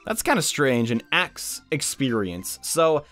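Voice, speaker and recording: A young man hosting casual gaming commentary, excitable and chatty, with frequent exclamations. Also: mid-range voice, slow pace, faint music behind. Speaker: YouTube gaming host.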